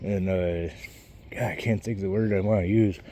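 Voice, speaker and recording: A man's voice: low-pitched, fairly even intonation, normal speed, dark tone, a little hiss or hum. A man vlogging while he walks outdoors, rambling and swearing a lot, losing his train of thought and a little out of breath. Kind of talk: rambling casual vlog while walking outdoors. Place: outdoors on a walk, birds around.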